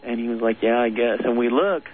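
Man, radio caller, mid pitch, earnest, rambling, nervous laughs, tinny phone line. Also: a little fast. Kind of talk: telling a ghost story on a phone-in.

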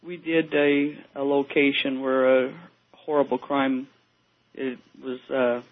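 A man talking as a paranormal investigator on a radio show, hesitant and halting, with many ums and uhs. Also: mid-range voice, little pitch movement, no room sound, phone-quality sound. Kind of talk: casual radio talk.

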